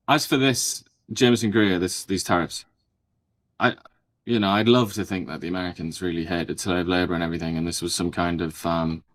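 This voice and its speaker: Deep-voiced dry, sardonic man. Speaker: co-host. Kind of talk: political commentary talk show.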